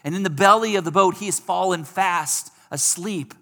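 A man's voice: high voice, moderate pace, creaky, bright, forceful tone, long reverb tail. A man preaching a sermon in a conversational way, lifting his voice when he acts out pleading quotes.

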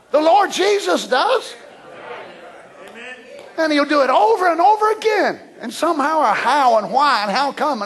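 A man preaching a sermon, swinging from shouts to whispers. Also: very high-pitched.

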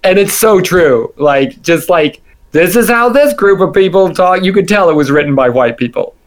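A podcast co-host with a middle-pitched voice chatting casually about a movie. They muse aloud, hedge and lean on fillers as they talk. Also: lively intonation, moderate pace. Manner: musing, hedging with many fillers.

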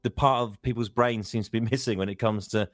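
A man's voice: lowish voice, steady tone, fairly quick, faint music behind. An English man co-hosting a podcast, chatting casually, laughing often and a bit fussy. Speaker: podcast co-host. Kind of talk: casual chat.

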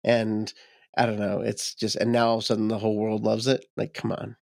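A man in casual podcast chat, animated, stumbling over repeated words and saying "like" and "you know" a lot. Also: on the low side, brisk, gravelly, no room sound, clean studio sound.

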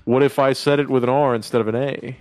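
A man's voice: mid-range voice, fairly even intonation, fast, darkish tone, slight background noise. A man co-hosting a podcast, telling crude, joking stories in casual chat. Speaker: podcast co-host. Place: podcast studio.

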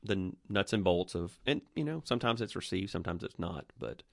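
A man's voice: sits low, animated, brisk, gravelly, no echo, studio quality. A man co-hosting a casual conversation, often agreeing and affirming what the others say. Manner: affirming, frequent backchannel agreement. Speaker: co-host.

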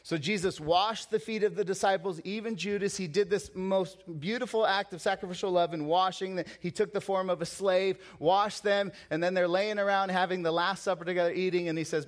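A pastor delivering a sermon, animated and swinging between loud emphasis and hushed prayer. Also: male voice, on the high side, brisk, few pauses.

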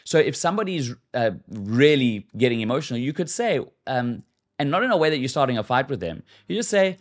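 Mid-pitched male guest coach, animated and explanatory, casual podcast talk. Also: brisk. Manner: explanatory, animated, acts out example lines.

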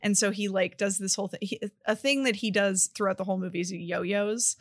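A woman's voice: medium pitch, steady tone, brisk, no room sound, clean studio sound. A woman co-hosting a podcast, chatting casually about a movie's characters with lots of fillers. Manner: chatty, heavy use of 'like'. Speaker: podcast co-host.

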